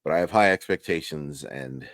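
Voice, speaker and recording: Hoarse low-voiced man recapping a game. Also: moderate pace, fairly bright tone, dry recording, clean studio sound. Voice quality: raspy. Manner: candid, frustrated, rambling with restarts. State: hoarse, losing his voice. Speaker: sports recap host. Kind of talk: casual solo game recap. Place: home room, early morning.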